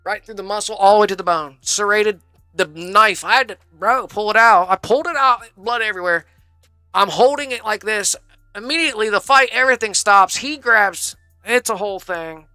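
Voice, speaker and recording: A man's voice: sits high, moderate pace, bright, forceful tone, smooth, no room sound, clean studio sound, soft background music. A man rambling through a casual, profane story on a live stream, saying "bro" constantly.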